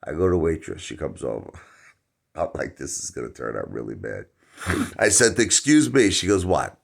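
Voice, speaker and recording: A man's voice: very deep voice, big pitch swings, normal speed, gravelly, husky. A middle-aged man telling a comic anecdote in a rambling way, full of fillers, acting out the quotes. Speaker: storyteller.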